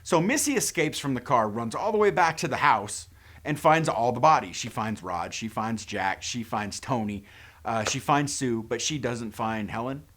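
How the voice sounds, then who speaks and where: A man's voice: medium pitch, animated, moderate pace, a bit bright. A man casually retelling a horror movie's plot as a reviewer, with sarcastic, incredulous asides. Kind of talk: casual plot recap and commentary.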